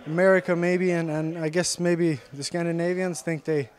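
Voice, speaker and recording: A young man with a slight Irish-tinged accent, speaking English as a second language, answering interview questions softly with many pauses and fillers in a gym. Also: a little high, flat delivery. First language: Icelandic. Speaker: interviewed fighter. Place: sports gym.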